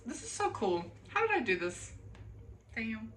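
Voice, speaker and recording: A woman's voice: on the high side, unhurried. Chatty young woman vlogging, noisy background. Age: 20s. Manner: rambling, excitable, chatty. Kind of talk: casual vlog chat.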